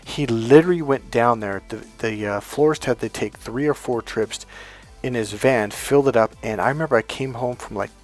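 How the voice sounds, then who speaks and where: A middle-aged man talks earnestly about love and dating, leaning hard on his points like a coach. His voice sits at an ordinary mid pitch. Soft music plays faintly behind him. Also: normal speed. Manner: earnest, emphatic, acts out quotes. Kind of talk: coaching talk with personal story.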